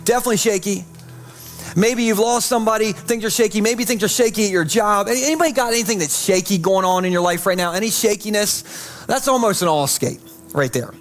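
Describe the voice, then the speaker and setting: A man preaching as pastor, casual and chatty, dropping low and slow each time he repeats "holy.". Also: faint music behind. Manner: repeats "holy" softly and slowly, chatty asides. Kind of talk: sermon.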